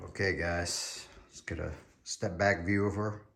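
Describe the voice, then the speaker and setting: A man's voice: low-pitched, fairly even intonation, unhurried, creaky, a bit bright, far from the mic. A man with a New York accent hosting a casual collectibles unboxing video, chatty and hyping his reveals straight to viewers. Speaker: collectibles reviewer. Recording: echoey room, voice a bit off-mic.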